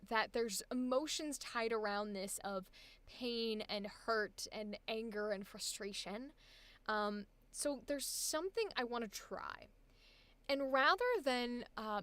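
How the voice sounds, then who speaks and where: A young woman leading a live voice acting coaching session, chatty and encouraging and quick to laugh. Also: a little high, a bit bright, no room sound.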